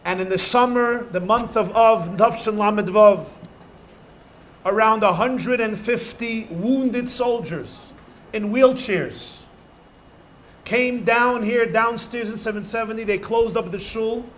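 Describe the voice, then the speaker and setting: A man, a rabbi, telling stories to children in an animated way, stretching key words for emphasis. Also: high-pitched, slow pace, slight background noise. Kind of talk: storytelling talk to children.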